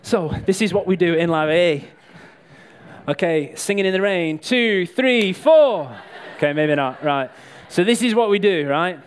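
A man's voice: high voice, moderate pace, slight background noise. Chatty man preaching with jokes. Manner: chatty, joking, addresses the crowd directly. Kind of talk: sermon with live props and volunteers.

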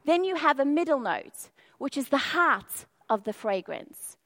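A woman preaches a sermon, telling the story with feeling and acting out the quoted voices with rising intensity. Her voice sits high and is a bit bright, with a sing-song quality and a slightly slow pace, and the setting opens with a perfume lamp demonstration.

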